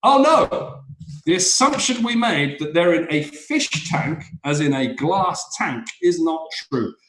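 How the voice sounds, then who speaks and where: A man's voice: fairly high pitch, animated, unhurried, fairly bright tone. A man teaching stand-up comedy, explaining how jokes work and acting out silly little voices. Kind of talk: explaining joke structure, live online session. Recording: echoey room.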